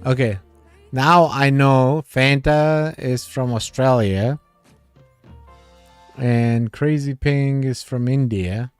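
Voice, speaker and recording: A man's voice: mid-range voice, slow pace, clear, resonant tone, faint music behind. A man hosting a livestream, reading viewers' comments aloud in casual chat and laughing often.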